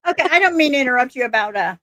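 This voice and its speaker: A woman hosts a casual live stream in a high, bright-pitched voice. She rambles excitably and laughs often, and her voice sounds dry and close with no room echo. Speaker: livestream host.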